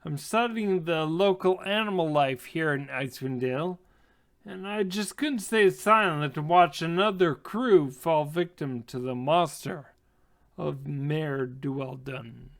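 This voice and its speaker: A man's voice: on the high side, slow, vocal fry, fairly bright tone, heavily acted. A man voicing an earnest young female half-elf naturalist in a tabletop game, speaking up with indignation. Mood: sheepish.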